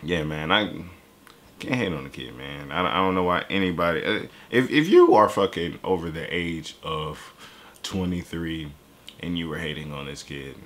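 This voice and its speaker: A man in his twenties giving loose, profane, animated commentary as a reaction video host. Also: sits low, moderate pace.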